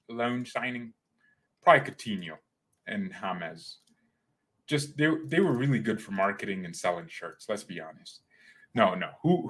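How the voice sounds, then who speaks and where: A young man hosting a casual fan livestream, talking in an animated, slangy, excitable way. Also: mid-range voice. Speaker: fan channel host.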